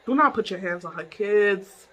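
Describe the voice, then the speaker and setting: A woman telling a story in a casual vlog from her bedroom. She is animated, laughs often and swears freely. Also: medium pitch, normal speed, muffled recording.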